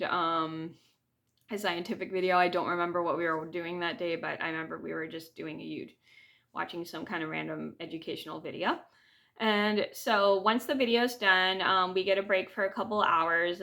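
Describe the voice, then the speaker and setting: A woman's voice: fairly low pitch, pushed and bright. A woman vlogger telling a personal story casually to her camera, rambling with restarts and fillers. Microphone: camera mic.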